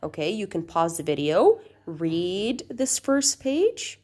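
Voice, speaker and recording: A woman with a lowish, darkish voice teaches a recorded grammar lesson at a slow pace, her pitch swinging widely. She explains patiently and checks in with the class often, lifting her voice to act out the quoted sentences she reads.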